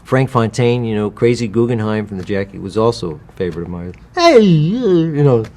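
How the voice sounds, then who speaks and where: Animated and fairly quick, a man with a low, dark voice talks as a guest in a casual interview. The US voice actor rambles, keeps restarting his thoughts, and sometimes shifts into character voices.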